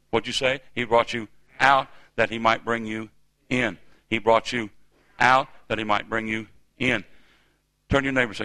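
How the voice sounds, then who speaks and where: A man's voice: mid-range voice, fairly even intonation, normal speed, pushed and bright, dry recording. A man in his fifties from the United States preaching a sermon in a church, with emphatic call-and-response delivery. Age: 50s.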